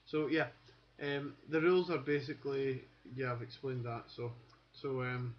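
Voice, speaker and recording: A man's voice: medium pitch, little pitch movement, normal speed. A man from Scotland with a Glasgow accent, giving a casual webcam lesson in a rambling way, with many fillers and restarts. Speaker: accent teacher. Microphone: webcam mic. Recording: dull lo-fi webcam audio.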